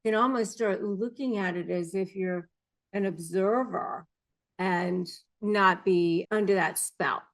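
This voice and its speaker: A middle-aged woman who coaches people on negotiating with narcissists offers earnest advice to camera, explaining behaviors and mimicking phrases people say. Her voice is medium-pitched and she speaks a little slowly.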